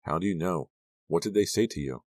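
A steady teenage girl, as a deep-voiced male narrator puts her on, coaxing and insistent as she calms her friend. Her voice is patient and firm, set in a dry, close reading. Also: brisk, no echo. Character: steady teenage girl, guilt-ridden but reassuring.

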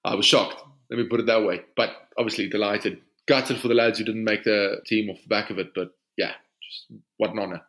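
A South African rugby player, an Afrikaans speaker, answering questions in a casual podcast interview in an easygoing way. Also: male voice, fairly low pitch, a little fast. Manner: relaxed, easygoing answers with frequent "you know".

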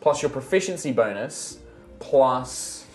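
A game master narrating a tabletop game, chatty and loose, full of fillers and quick restarts. The voice sits at a middle pitch. The room around it rings with echo. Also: animated, over music.

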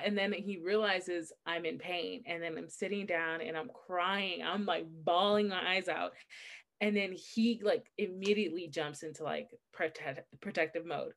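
Brief: young woman podcast co-host, chatty and animated, quick to laugh while telling stories. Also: fairly low pitch. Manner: animated storyteller, laughs often. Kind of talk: casual book chat.

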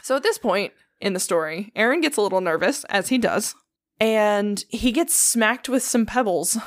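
A woman's voice: on the high side, normal speed, no echo, clean studio sound. A woman casually retelling a story on a podcast, swearing freely and acting out the quotes. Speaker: podcast host.

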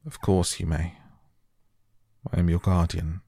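A man's voice: low voice, little pitch movement, measured pace, gravelly, mellow, husky, dry recording, studio quality, full character voice. A man reading the part of a tired, troubled guardian who mutters distractedly. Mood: weary. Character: weary, troubled middle-aged guardian.

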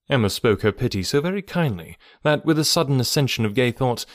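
A man narrating a classic novel as an audiobook, measured and even, close to the mic. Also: medium pitch, no echo. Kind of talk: scripted narration.

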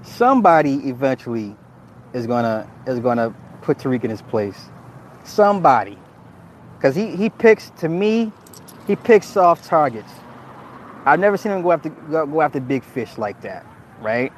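A man giving casual livestream commentary, animated and laughing often, swearing freely and restarting his sentences. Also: mid-range voice, normal speed, slight background noise. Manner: frequent restarts and repeated words. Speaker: streamer reacting to viewer comments.

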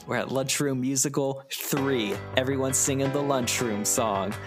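Man, podcast co-host, animated storyteller, laughs a lot, music under the voice. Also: medium pitch, moderate pace. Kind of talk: casual chat, retelling a plot.

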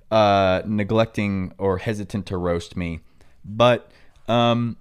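Young male podcast host with a New York accent, lowish voice, rambling and loose with sudden loud bursts. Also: unhurried, clean tone. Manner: rambling and filler-heavy, breaking into loud excited outbursts. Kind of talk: casual chat.

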